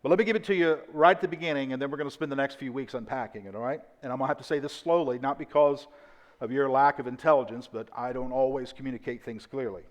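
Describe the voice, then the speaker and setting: Emphatic preacher in a reverberant church. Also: male voice, medium pitch. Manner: emphatic, repetitive preaching with deliberate slow stresses. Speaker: pastor. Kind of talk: sermon. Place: church auditorium. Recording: church hall with long reverb.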